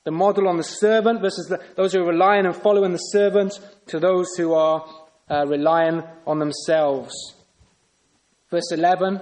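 A man's voice: a little high, steady tone, moderate pace, darkish tone. A man preaching a sermon earnestly, often putting rhetorical questions to his listeners.

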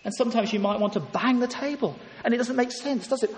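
A man's voice: very high voice, fast talker, slight background noise. A man preaching a sermon in church, earnest and full of rhetorical questions. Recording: echoey hall, heard from a distance.

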